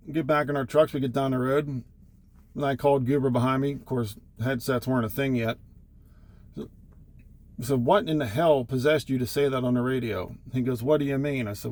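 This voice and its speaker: A man's voice: medium pitch, a little mellow. Wry trucker man spinning road stories. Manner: rambling, profane, wry anecdotes. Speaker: truck driver. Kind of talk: casual storytelling.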